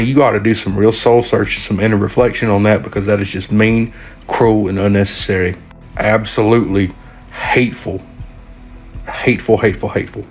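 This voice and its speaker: A man with an Appalachian accent, from Appalachia, scolding critics in an impassioned rant to camera. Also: on the low side. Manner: indignant, scolding. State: home without power for days.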